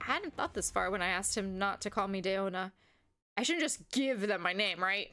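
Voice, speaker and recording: While streaming a visual novel, a young American gamer voices the game's lines and keeps interrupting with giggly, talkative remarks. She speaks at a normal pace in a mid-range voice over soft background music.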